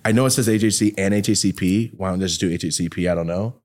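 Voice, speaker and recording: A man's voice: deep voice, racing, darkish tone. A young man chatting casually as a podcast guest, telling loose, rambling stories. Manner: laid-back, rambling storyteller. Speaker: podcast guest, product maker. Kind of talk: casual chat.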